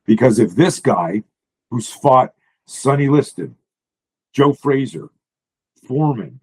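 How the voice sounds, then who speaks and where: A man, a self-defense coach, explaining drills while sharing slides on a video call, blunt and profane in an animated way. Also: mid-range voice, takes it slowly, breathy edge, rough recording.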